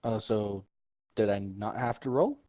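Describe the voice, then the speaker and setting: A man's voice: lowish voice, a little slow, warm tone. A man speaking as a player in a tabletop game, hesitant and asking lots of questions. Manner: hesitant, asks many questions. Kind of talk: casual tabletop play.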